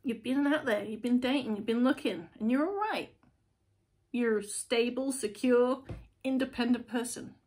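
Chatty, slightly high-pitched woman. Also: normal speed. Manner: chatty, blunt and animated, playfully cranky. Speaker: tarot reader, channel host. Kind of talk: casual tarot reading to camera.

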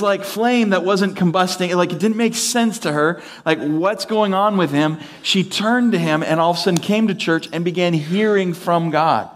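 Chatty pastor preaching in a raised voice. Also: male voice, fairly high pitch. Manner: conversational storytelling, loose with fillers and restarts. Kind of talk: sermon.

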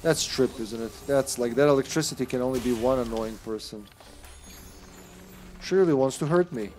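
A man commenting on his own online game as he plays, swearing often and sometimes shouting at the screen. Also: mid-range voice, moderate pace, slight background noise. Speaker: streamer. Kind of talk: live gameplay commentary.

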